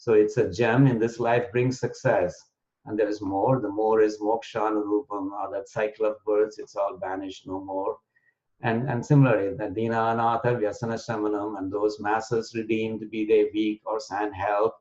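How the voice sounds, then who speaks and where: A man with a somewhat low voice leads an online lesson, explaining verses with plenty of fillers and restarts. Now and then he chants lines slowly and in rhythm. The audio is muffled and lo-fi, like a recorded web class. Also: fairly even intonation, darkish tone. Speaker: teacher.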